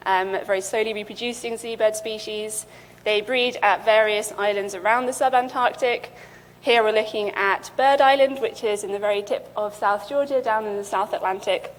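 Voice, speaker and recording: A young woman, a PhD student, giving a conference talk, presenting steadily with the odd filler. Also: medium pitch. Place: lecture hall. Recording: lecture hall with long reverb.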